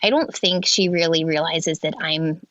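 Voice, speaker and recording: A woman in her thirties talks openly as an interview guest, her voice sitting on the lower side. She halts and restarts her sentences often, with small laughs. The sound is dry and dull, like a remote call. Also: steady tone, moderate pace, fairly bright tone, no room sound. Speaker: frontline nurse guest. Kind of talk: casual interview conversation.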